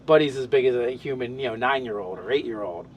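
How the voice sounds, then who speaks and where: A man's voice: medium pitch, fast, lo-fi sound, slight background noise. Rambling man chatting about his character. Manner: rambling, many restarts and fillers. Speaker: tabletop game player. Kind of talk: casual podcast chat.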